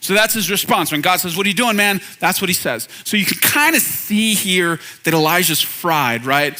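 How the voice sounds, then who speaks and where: Man, 30s, pastor; bright, slightly high voice, relaxed conversational preaching. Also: normal speed, hardly any pauses. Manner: conversational, self-deprecating, asks the audience questions. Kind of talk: sermon. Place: church hall.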